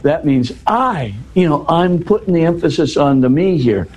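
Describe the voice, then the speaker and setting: A man giving an explanatory talk in an interview, teaching in an animated way and often checking in with "right?". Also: fairly high pitch, moderate pace, husky, rough recording. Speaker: interview guest explaining scripture.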